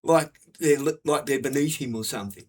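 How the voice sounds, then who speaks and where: A man's voice: medium pitch, brisk, a little mellow. A man giving a blunt, profane, repetitive rant to camera. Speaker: vlogger.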